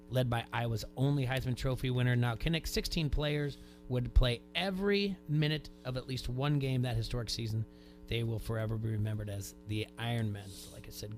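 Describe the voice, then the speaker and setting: A man hosting a sports radio show, chatting casually, often restarting his sentences. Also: medium pitch. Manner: rambling, restarts sentences, reads posts aloud.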